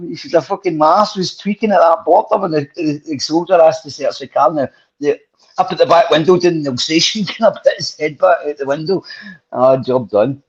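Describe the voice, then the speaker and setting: A man hosts a casual podcast and tells long, sweary anecdotes full of restarts. His voice is slightly husky. The recording has a dull, lo-fi quality. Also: fairly high pitch, moderate pace. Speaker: podcast host. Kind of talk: casual storytelling chat.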